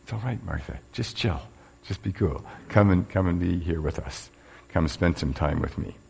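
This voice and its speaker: A man voicing a calm, caring male teacher who speaks softly and reassuringly, acted out within a sermon. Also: low voice, normal speed, vocal fry, breathy edge, exaggerated voice. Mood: soothing. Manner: soothing, relaxed, soft-spoken.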